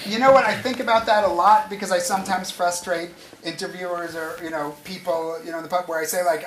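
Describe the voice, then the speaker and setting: A man's voice: high-pitched, steady tone, brisk, hardly any pauses. Rambling man, self-interrupting author. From United States. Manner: rambling, restarts often, chuckles as he talks. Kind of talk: casual onstage talk. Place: stage at a literary event before an audience.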